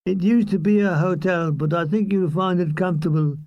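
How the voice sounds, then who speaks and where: A man's voice: sits high, fairly even intonation, brisk, no room sound, lo-fi sound. Man doing an earnest army officer. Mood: polite.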